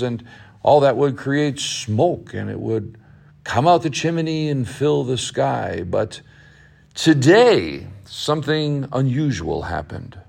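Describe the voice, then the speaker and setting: A man telling a children's story aloud, in a slow, gentle, repetitive way. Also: mid-range voice, creaky. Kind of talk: storytelling narration.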